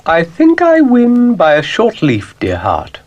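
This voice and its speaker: Man playing genteel motherly cow, high falsetto-ish, gushing and refined. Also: huge pitch swings, takes it slowly, darkish tone, lo-fi sound, full character voice.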